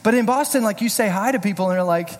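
Man, pastor, high pitch, chatty storytelling sermon, long hall reverb. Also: fast, a little hiss or hum. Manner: chatty, storytelling, self-deprecating jokes. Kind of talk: casual sermon with humor.

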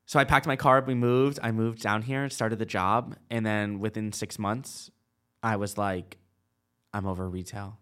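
Chatty young man with a low voice. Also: fairly even intonation, moderate pace, a bit bright, clear, resonant tone. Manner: chatty, lots of "like" and quoted dialogue. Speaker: guest. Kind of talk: casual storytelling chat.

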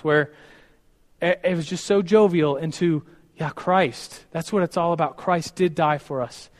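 A man's voice: on the high side, big-room sound. A man telling a story to a class and leading a prayer, earnest, with many restarts.

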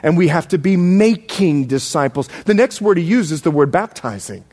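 Animated Bahamian-born preacher, high and lively. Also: male voice, normal speed. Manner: storytelling preacher, swings from loud high exclamations to low hushed lines. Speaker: pastor. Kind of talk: sermon.

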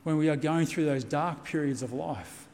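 A man's voice: on the high side, normal speed, a little mellow, big-room sound. A man preaching a sermon as pastor, earnest and reassuring, repeating key points for emphasis. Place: church.

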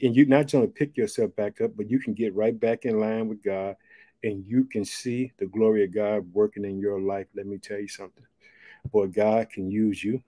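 A man's voice: mid-range voice, dark tone, no echo. A man hosting a podcast and preaching an encouraging sermon, repeating short rallying phrases. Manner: repetitive call-and-response phrases, exclamatory.

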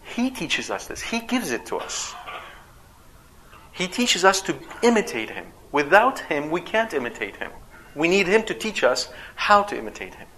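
A man preaching a sermon as a father, animated and acting out quoted voices. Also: high-pitched, normal speed, slight background noise.

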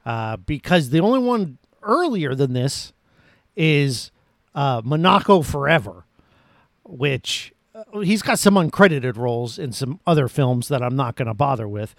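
A man's voice: mid-range voice, animated, measured pace, dry recording, studio quality. A man hosting a podcast, reviewing a movie in a casual, rambling, self-mocking way. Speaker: podcast host.

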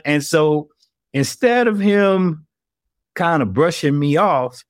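Man, guest storyteller, animated, voices quoted people, dry close sound. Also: on the high side, takes it slowly, no room sound. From Atlanta, US South. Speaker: investigative reporter, guest. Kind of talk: storytelling in a podcast interview.

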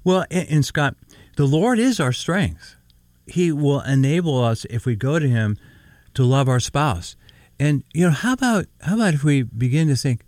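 Middle-aged male co-host, animated pitch, dry studio sound, warm banter on faith radio. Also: dry recording. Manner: lively, laughs often, reads Scripture aloud. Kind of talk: casual Christian radio chat.

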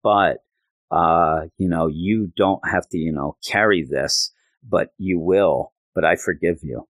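Man reads a grieving mother, gentle and halting, low-pitched and dry. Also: no echo. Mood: forgiving. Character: grieving forgiving older mother.

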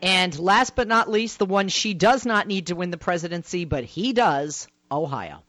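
A woman hosting a radio talk show, questioning her guest in a brisk, rapid-fire way. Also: lowish voice, expressive, a bit bright, no room sound. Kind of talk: radio interview.

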